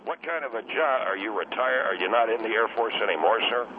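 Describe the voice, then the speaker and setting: A man doing a gravelly, grumbling old husband. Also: fairly low pitch, lively intonation, fast talker, narrow, tinny audio, a crowd in the background, voice pushed down. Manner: grumbling, suspicious, rambling. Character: gruff, grumbling older husband. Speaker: radio show guest.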